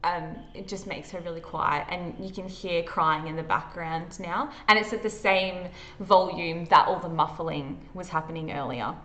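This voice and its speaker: A woman with an Australian accent and a fairly low, pushed, bright voice is game master for a tabletop horror game. She paints the scene vividly but halts often with fillers.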